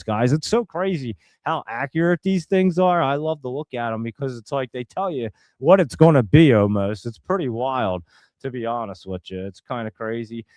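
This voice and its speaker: A man's voice: medium pitch, a little mellow, no room sound, studio quality. A young man hosting a casual livestream, rambling and thinking aloud as he talks to viewers. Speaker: host.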